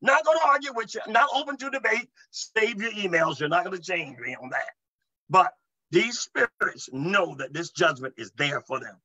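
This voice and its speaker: Teaching a sermon online, this deliverance minister speaks emphatically, peppering his talk with "amen" and urging the audience to answer back. His voice sits high and sharp, with lively intonation at a normal speed, on a rough recording.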